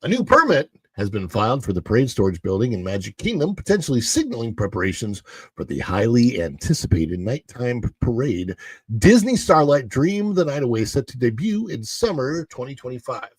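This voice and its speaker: A man's voice: medium pitch, very animated, fairly quick, breathy edge, dry recording. A man hosting a casual livestream, chatting with his viewers and rambling between news stories. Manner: chatty, rambling, reads news aloud to chat. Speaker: livestream host.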